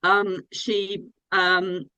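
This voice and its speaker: Enthusiastic woman fan, casual interview guest, mid pitch, dead-dry sound. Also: completely flat delivery, extremely slow, bright, forceful tone, clear, resonant tone, no room sound, poor audio. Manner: enthusiastic, gushing.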